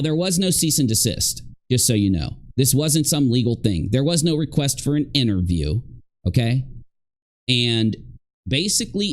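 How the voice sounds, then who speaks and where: A man talking casually on a livestream, rambling and indignant. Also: medium pitch. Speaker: streamer in a played clip.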